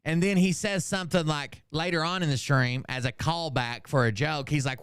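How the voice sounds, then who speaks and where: At a moderate pace, a man with a high-leaning, smooth, fairly bright voice hosts a commentary channel in loose, rambling talk. He keeps losing track of names and drops swear words on the side, recorded in a clean studio with no echo.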